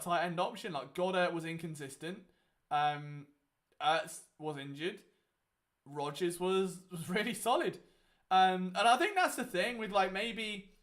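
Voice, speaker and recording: This high, somewhat bright voice comes from a young man hosting a casual live game watchalong. He talks chattily and rambles, filling his commentary with fillers.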